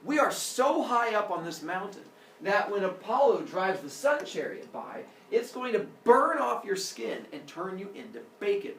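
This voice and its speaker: A man voicing a boastful, theatrical king of the gods, swinging from chatty to shouting, in an echoey room from far off. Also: high-pitched, very animated, moderate pace, a little hiss or hum, voice pushed up. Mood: gloating.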